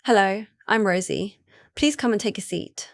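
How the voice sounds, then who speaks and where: A friendly female doctor in an audiobook, calm, polite and matter-of-fact, as a woman reads her lines. The voice stays at a middle pitch and sounds dry and close. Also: moderate pace, no echo, natural voice. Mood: businesslike.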